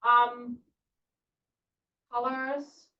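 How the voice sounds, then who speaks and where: A woman's voice: a little high, level tone, drawn-out words, reverberant. A woman teaching a beginner language class, patiently repeating words and using lots of fillers. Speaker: German teacher. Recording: distant mic, dull lo-fi classroom recording.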